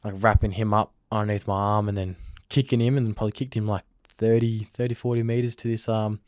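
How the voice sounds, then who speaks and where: Young Australian male interview guest, casual rambling storyteller, rapid flat delivery. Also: lowish voice, dry recording, clean studio sound. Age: young adult. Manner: rambling, filler-heavy, lots of "like". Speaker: interview guest, rugby league player.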